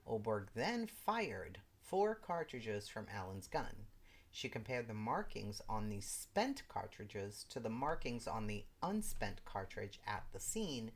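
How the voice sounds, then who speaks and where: A woman's voice: very deep voice, very animated, slow, breathy edge. A woman hosting a live stream, reading a legal brief aloud and breaking off into exasperated, disbelieving remarks. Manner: exasperated, incredulous asides. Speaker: livestream host.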